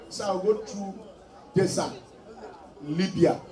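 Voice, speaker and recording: Nigerian pidgin comic guy, really high voice, live crowd in a roomy hall. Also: normal speed. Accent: Nigerian Pidgin English. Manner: animated, acts out characters in a shrill high voice. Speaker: stand-up comedian. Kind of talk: stand-up comedy. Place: live comedy show. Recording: roomy live venue, mic from a distance, audience noise.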